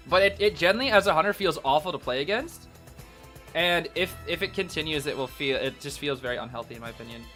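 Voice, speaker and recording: A young man casually commenting on a tournament he is watching. He is excitable, uses slang, and breaks into shouts and cries of despair. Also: fairly high pitch, quick pace. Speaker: gaming commentator reacting to a tournament. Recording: faint background music.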